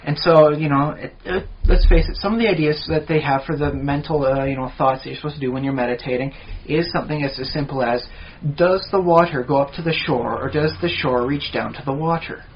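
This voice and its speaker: A man's voice: on the high side, a little fast. A man co-hosting a podcast in casual chat, explaining at length with asides. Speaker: podcast co-host. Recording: dull lo-fi podcast audio, faint hiss.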